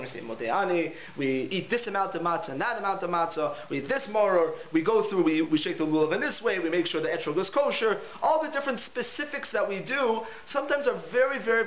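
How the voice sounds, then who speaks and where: A man, a rabbi, teaching a holiday Torah lesson with stories, animated and repeating words for emphasis. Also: sits high. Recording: echoey room, dull lo-fi sound, faint hiss.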